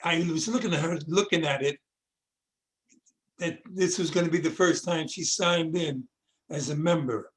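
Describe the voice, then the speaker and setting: A man's voice: a little high, normal speed, long pauses. A man interviewing a former student over a video call, reminiscing and hesitant, repeating words. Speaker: interviewer, acting teacher. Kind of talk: casual interview.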